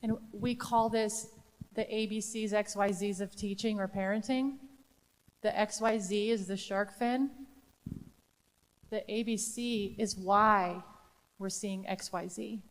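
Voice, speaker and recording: A woman's voice: medium pitch, steady tone, slow. A woman presenting a live training to educators, talking emphatically and asking the audience rhetorical questions. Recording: long hall reverb.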